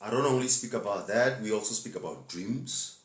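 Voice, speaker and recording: A man's voice: fairly low pitch, fairly quick, echoey room. A man gives a laid-back, preachy spiritual talk to live-stream viewers and laughs often.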